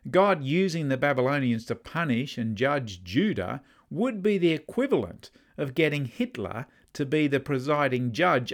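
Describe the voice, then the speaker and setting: A man preaching a sermon, earnest, lifting his voice on key words and letting line ends fall low and soft. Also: creaky.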